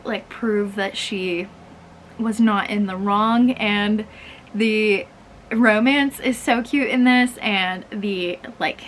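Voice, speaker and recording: A woman's voice: a little high, a little hiss or hum. A young woman chatting casually as a book vlogger, gushing, with many fillers. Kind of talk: casual chat.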